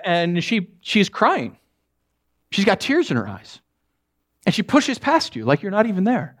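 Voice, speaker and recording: A man giving a conversational sermon, telling the story in an animated way and putting questions to his listeners. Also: fairly high pitch. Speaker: preacher.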